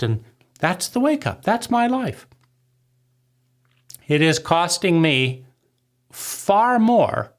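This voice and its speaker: A man's voice: sits high, big pitch swings, slow pace, long pauses. A man in his forties giving a rambling, conversational monologue of advice, often checking in with "right?". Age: 40s. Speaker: vlogger. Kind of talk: reflective spoken monologue.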